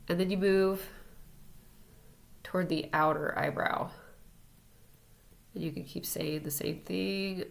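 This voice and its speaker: A woman teaching an energy healing technique in a casual, relaxed way, talking as she demonstrates tapping on herself. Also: fairly low pitch, takes it slowly, gravelly, pauses often. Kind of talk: casual instructional talk.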